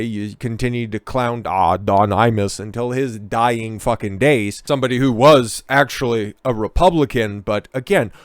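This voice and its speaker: A man rants in a commentary video, sarcastic and full of profanity as he heckles. His voice sits at a medium pitch. The sound is close and dry, with no room echo. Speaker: online commentator.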